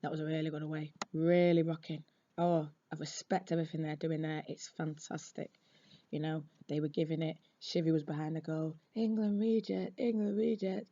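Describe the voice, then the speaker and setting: A woman football supporter telling a casual story in a chatty, lively and blunt way, on a dull lo-fi recording. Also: low voice, fairly quick.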